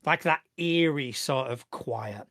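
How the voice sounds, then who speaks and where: A man's voice: mid-range voice, slow, fairly bright tone, no room sound. A man narrating as game master of a tabletop game, describing scenes in a rambling, easygoing way with many fillers.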